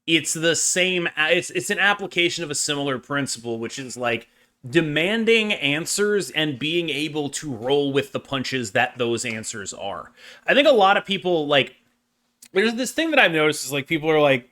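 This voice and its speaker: Podcast host, male, bright forceful voice, quick animated delivery. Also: on the high side. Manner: animated, fast rambling explanations. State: brief coughing fit. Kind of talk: casual card game chat.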